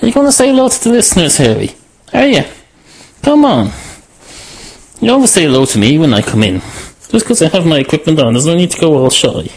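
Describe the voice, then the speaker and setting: A man's voice: on the high side, very animated, brisk, long pauses, darkish tone, slightly rough, pitched above the performer's own voice, exaggerated voice. A man putting on a sing-song baby-talk voice to tease his pet. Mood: cooing, teasing.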